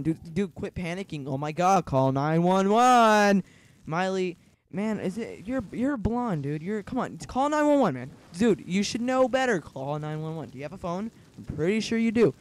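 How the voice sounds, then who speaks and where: Man, casual gaming commentary, high voice, wildly swinging pitch, dry sound. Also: expressive, moderate pace. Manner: joking, grows frantic and yelling.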